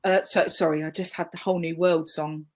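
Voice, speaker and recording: A woman's voice: lowish voice, level tone, fairly quick. A woman with a British accent giving a live webinar training talk over a video call, chatty, self-deprecating and emphatic. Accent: British English.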